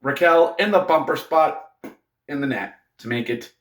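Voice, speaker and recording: A man giving a sarcastic fan recap of a hockey game, swinging into excited play-by-play. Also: a little high, moderate pace, reverberant.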